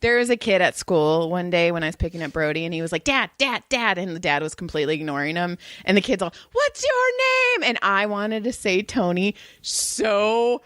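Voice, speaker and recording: A woman's voice: fairly low pitch, fairly quick, few pauses, fairly bright tone, clean tone, no echo. A woman co-hosting a casual podcast, chatty and playful, often laughing. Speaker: podcast co-host. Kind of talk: casual chat.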